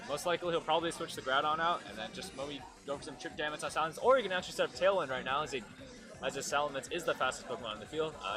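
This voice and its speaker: A male commentator calls a competitive game match live in a relaxed, filler-heavy way. His voice sits a bit on the high side. Music plays clearly behind him. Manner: casual, filler-heavy play-by-play. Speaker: esports commentator. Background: music playing nearby.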